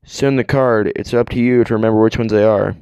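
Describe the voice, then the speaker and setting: A man voicing a calm, reassuring young male spirit in a comedic fan dub, close to his own voice. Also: lowish voice, brisk, clean tone, no echo, muffled recording, natural voice. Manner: calm, reassuring, matter-of-fact.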